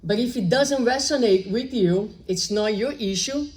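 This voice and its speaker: A woman's voice: fairly high pitch, normal speed, a little mellow, low-quality recording. A woman giving a public spiritual lecture in a conversational way, often asking rhetorical questions and tagging "right?". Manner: acts out short dialogues in her story.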